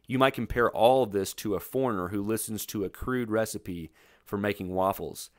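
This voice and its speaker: A man narrating a scripted Bible study in a measured, methodical way. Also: lowish voice, no room sound, clean studio sound.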